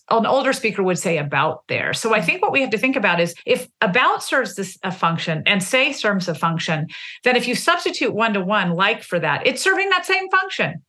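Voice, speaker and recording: A woman in her forties, a linguist, giving animated explanations in an interview and acting out example phrases. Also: medium pitch. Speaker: linguist guest.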